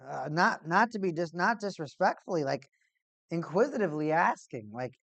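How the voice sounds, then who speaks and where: A woman's voice: lowish voice, sing-song, moderate pace, a bit bright, no echo, highs cut off. A woman hosting a casual hockey watch-party stream, rambling and joking and repeating herself as she chats to viewers. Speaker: livestream host.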